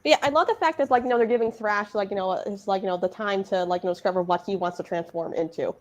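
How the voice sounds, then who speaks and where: Female podcast co-host, rambly and casual, mid-pitched voice. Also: fast talker, lo-fi sound. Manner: rambling, many fillers. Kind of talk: casual chat.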